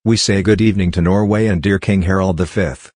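A man hosting a results show, announcing in a measured, formal scripted way. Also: low-pitched, fairly even intonation, darkish tone, dry recording. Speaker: show host.

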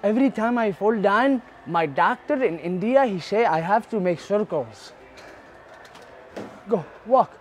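A man's voice: sits high, animated, unhurried, slight background noise. Desi guy begging strangers for help, over the top and whiny. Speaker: prankster. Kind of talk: prank video in public.

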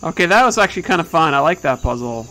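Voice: medium pitch, sing-song, quick pace, bright, forceful tone. Playful, bouncy gamer commentary. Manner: playful, bouncy, talks to game characters. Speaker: let's play gamer. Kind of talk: casual gameplay commentary. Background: faint game music.

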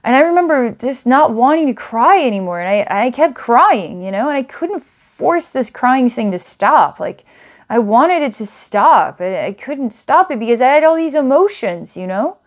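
A woman's voice: high-pitched, big pitch swings, normal speed. A woman giving a recorded psychic reading to a client, talking in an earnest, rambling way, restarting often and laughing now and then. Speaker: psychic reader.

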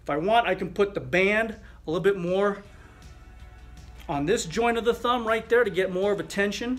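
A middle-aged male chiropractor demonstrating a thumb exercise, talking through each movement in a relaxed way with fillers. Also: high-pitched, normal speed, soft background music.

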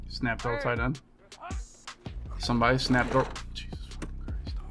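A man's voice: mid-range voice, flat delivery, moderate pace, pauses often, over loud music. A young man giving casual, profane, exasperated commentary while playing a video game, with slangy talk, groans and sudden outbursts.

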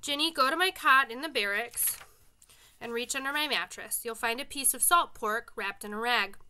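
Brief: woman voicing a steady, generous young colonial man, storybook reading, bright and fairly high. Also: normal speed, a little hiss or hum. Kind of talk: audiobook reading.

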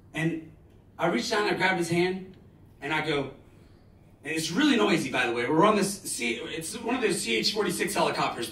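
A man in his forties giving a live motivational talk, telling stories dramatically with bursts of loud emphasis. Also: fairly high pitch. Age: 40s. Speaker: motivational speaker. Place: large lecture hall. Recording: roomy hall, distant mic.

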